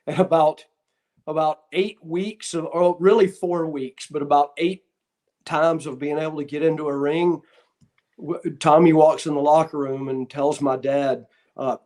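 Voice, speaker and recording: A man's voice: a little high, measured pace. A man from the Florida Panhandle, a guest who tells casual stories about his start in wrestling and acts out what other people said. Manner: animated anecdotes, acting out what others said. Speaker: guest, former wrestler and referee. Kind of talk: casual storytelling.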